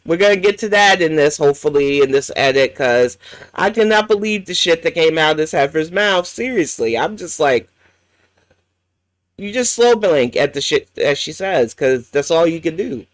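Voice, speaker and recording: A woman's voice: sits low, animated, moderate pace, dry recording. A woman hosting a reaction commentary, ranting bluntly and swearing often. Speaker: commentary channel host.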